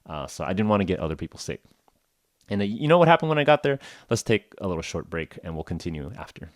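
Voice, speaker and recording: A man's voice: low-pitched, very animated, fast talker. A young man hosting a podcast, telling a story in a chatty, self-mocking way full of "uh" and "like". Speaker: podcast host. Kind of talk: casual storytelling podcast for English learners.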